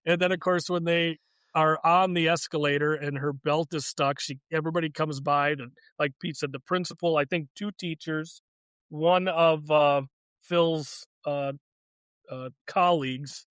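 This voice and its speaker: A man co-hosts a relaxed podcast, his voice sitting on the higher side as he eagerly retells favorite scenes and laughs along the way. The recording is close and dry, with no room sound. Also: a little slow, clear, resonant tone, dry recording. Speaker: podcast co-host. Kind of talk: casual podcast chat.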